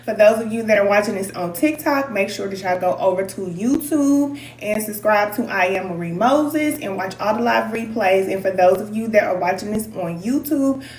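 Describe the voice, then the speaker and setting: A woman's voice: medium pitch, moderate pace, few pauses, darkish tone, far from the mic. Chatty Kansas City woman livestreaming. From Kansas City, USA. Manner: chatty, playful, laughs often, greets viewers as cousins. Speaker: spiritual reader and live streamer. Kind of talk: casual livestream chat. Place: indoor room, moving around the camera. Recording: roomy echo, off-mic, faint room noise.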